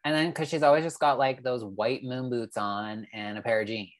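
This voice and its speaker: Woman, very deep voice, casual gossip chat, chatty. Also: moderate pace. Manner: chatty, gossipy, does mocking impressions.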